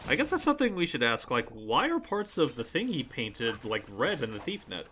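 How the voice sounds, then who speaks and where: A man's voice: mid-range voice, wildly swooping pitch, moderate pace, pushed and bright, slight background noise. A man co-commentating a game with friends, jokey and rambling as he explains things. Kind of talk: casual chat.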